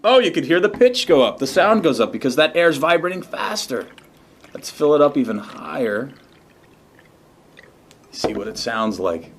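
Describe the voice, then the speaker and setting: A man's voice: fairly high pitch, sing-song, normal speed, long pauses, slightly rough. A man hosting a science demonstration show, explaining step by step with enthusiasm. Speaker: science demo host. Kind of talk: upbeat educational demonstration.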